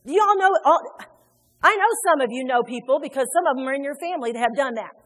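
Delivering a sermon in a church sanctuary, an Indiana woman speaks emphatically and acts out the people she quotes. She talks at a quick pace in an expressive, high-sitting voice with a fairly bright tone, with long hall reverb on the recording.

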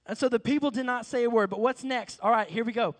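A man preaching a sermon, telling the story lively with slang and acting out the dialogue. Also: very high voice, fast, big-room sound.

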